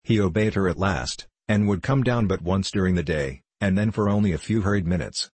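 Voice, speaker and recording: A man narrates a classic novel in a low, husky voice. His delivery is even and unhurried, with only light shading for the characters. The recording is dry and close, with no room sound. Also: no room sound. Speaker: audiobook reader. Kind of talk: scripted narration.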